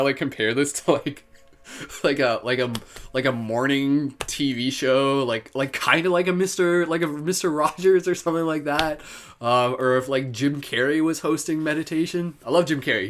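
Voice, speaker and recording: A man's voice: mid-range voice, a bit bright. A man hosting a live guided meditation, upbeat and giggly, with many "like" fillers. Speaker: meditation host.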